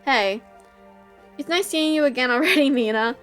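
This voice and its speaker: A teasing middle-aged neighbour woman from a visual novel, read by a woman. Her tone is light and playful, high-pitched and bright, over faint music. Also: lively intonation, moderate pace.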